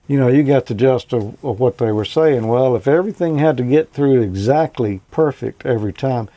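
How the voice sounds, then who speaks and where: Male host, folksy relaxed explainer, dry close recording. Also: medium pitch, moderate pace, no room sound. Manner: relaxed, folksy, plenty of "you know" and "uh". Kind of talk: casual technical explanation.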